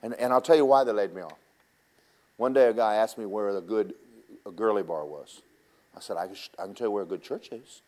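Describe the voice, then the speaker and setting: A man's voice: lowish voice, a little fast, darkish tone. A man preaching a sermon, telling personal stories in a folksy, teasing way and talking straight to the congregation.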